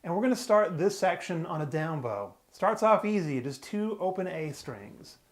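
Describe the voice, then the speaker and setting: A man with a high voice and big pitch swings teaches a beginner fiddle tune step by step at a moderate pace, explaining patiently and plainly. His own fiddle playing sounds loudly in the background.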